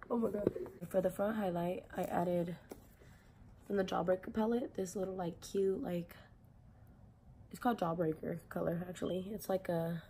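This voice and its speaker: A woman's voice: on the low side, dark tone, slight background noise. A young woman talking casually through a makeup tutorial in a chatty, filler-heavy way, with some swearing. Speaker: beauty vlogger.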